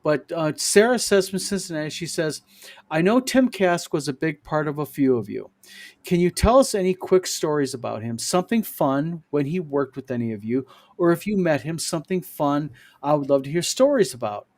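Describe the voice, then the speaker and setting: A man's voice: on the high side, expressive, normal speed, darkish tone. A man co-hosting a casual panel chat, reading viewer mail and telling stories in a rambling way with many fillers and chuckles.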